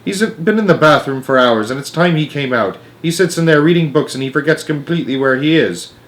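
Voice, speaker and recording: Sweet calm old granny, man reading her, bit higher than his normal voice, storybook. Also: fairly quick, lightly acted. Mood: cool. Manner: cool, steady and affectionate. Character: calm, loving elderly grandmother. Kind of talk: read-aloud storybook voice acting.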